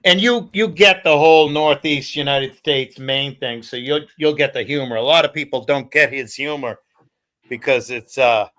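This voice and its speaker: This livestream host from New England speaks at normal speed with a medium-pitched, fairly bright voice over a rough recording. He chats casually, wandering off track and cursing without restraint.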